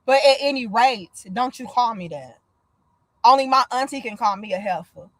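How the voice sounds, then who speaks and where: A woman's voice: a little high, normal speed, no echo. A woman in her thirties, from the United States, hosting a casual livestream chat, blunt and profane, telling stories with lots of energy. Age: 30s. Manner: blunt, profane, animated storytelling. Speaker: livestream host.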